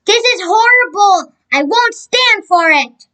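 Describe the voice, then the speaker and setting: A woman reading as a furious shouting teacher. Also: sits high, lively intonation, a little slow, low-quality recording. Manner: shouting, indignant.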